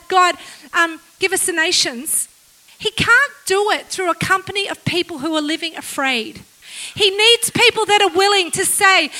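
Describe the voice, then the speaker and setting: A woman preaching a sermon to her church in a lively, self-mocking way, laughing often. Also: very high-pitched, poor audio.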